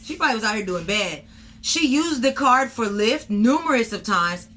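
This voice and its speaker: Bright, blunt woman podcast host. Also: fairly high pitch, animated, normal speed. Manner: blunt, profane, jokey storyteller. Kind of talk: casual chat, telling news stories. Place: indoor podcast set.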